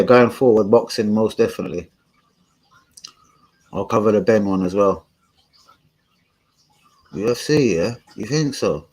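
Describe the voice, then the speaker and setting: A relaxed man with a fairly low voice, hosting a live stream. He chats loosely with his viewers, full of slang and frequent swearing. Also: poor audio. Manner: laid-back, slangy, swears often. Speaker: streamer and channel host. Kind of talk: casual live-stream chat.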